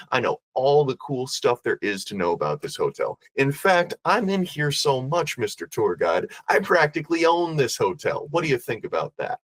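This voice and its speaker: A man's voice: medium pitch, a bit bright, no echo, voice pushed up. A man voicing an arrogant hotel guest who brags nonstop and talks a mile a minute. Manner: boastful, rapid-fire bragging.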